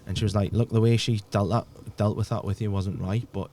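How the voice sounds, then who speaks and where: A man with a lowish, mellow voice recounts a hard family memory on a podcast. He speaks haltingly and repeats words, and his voice sinks quietly as the story gets heavier. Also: steady tone, slight background noise. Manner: halting, repeats words, drops to a near-murmur. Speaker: podcast guest. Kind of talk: emotional personal storytelling.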